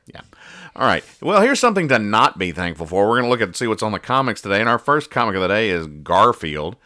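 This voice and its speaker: Male podcast host, rambling jokey delivery; deep and bright, dry close mic. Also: sing-song, fast, no echo. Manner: rambling, jokey, stumbles and restarts. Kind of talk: casual comic-reading chat.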